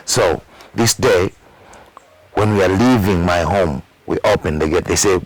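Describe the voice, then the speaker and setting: A very low-pitched man with a Ugandan accent talks openly in an interview about his past. He tells it as a story, repeating words for emphasis and putting on the voices of the people he quotes. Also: measured pace, poor audio. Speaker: musician recounting his past.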